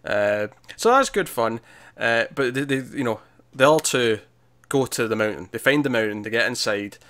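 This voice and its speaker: A man's voice: medium pitch, animated, moderate pace, a bit bright, smooth. A man co-hosting a casual movie discussion, chatty, laughing often and restarting his sentences. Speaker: podcast co-host.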